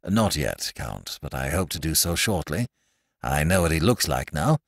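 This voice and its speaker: A man doing a low, grim detective. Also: very animated, moderate pace, dry recording, studio quality, full character voice. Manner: low, quiet and determined. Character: grim, watchful male detective.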